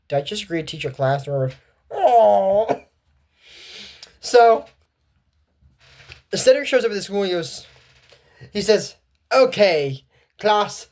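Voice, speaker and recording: A person casually retelling a cartoon episode, rambling off on tangents and acting out the characters' lines with animated shifts. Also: mid-range voice, a little slow, long pauses. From United States.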